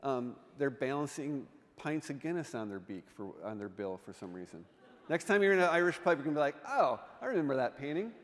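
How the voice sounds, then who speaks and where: Very animated and a little fast, this artist in residence has a mid-range, somewhat bright voice. He quizzes the congregation playfully during his funny illustrated talk, while the church sanctuary's long reverb trails each line.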